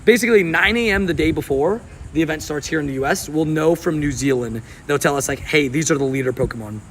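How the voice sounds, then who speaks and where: He talks fast in a high, fairly bright voice, hanging out with his live-stream audience in a park beside the water. Sweating in the heat, he keeps laughing and addressing chat; the recording carries faint background noise from outside.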